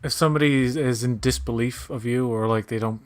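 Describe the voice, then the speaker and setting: A man talks loosely and jokingly, trailing off and restarting as he comments on an episode. His voice sits at an ordinary middle pitch. The talk is casual and offhand. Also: steady tone, fairly quick. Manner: rambling, jokey, breaks into shouted movie impressions. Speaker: podcast co-host.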